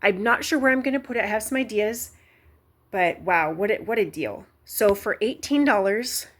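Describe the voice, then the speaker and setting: A woman's voice: medium pitch, lively intonation, moderate pace, poor audio. A woman in her thirties, a stay-at-home mom, talking earnestly to her viewers about faith. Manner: earnest, heartfelt, encouraging. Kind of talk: casual faith talk to camera. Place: car while driving, then at home. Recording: road and car noise behind.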